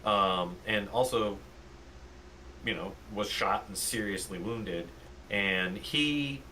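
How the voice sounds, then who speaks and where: A man co-hosting a casual political podcast, explaining events in a measured way. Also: fairly low pitch, bright, forceful tone, poor audio. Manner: measured, explains facts, with restarts. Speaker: podcast co-host. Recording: faint background noise.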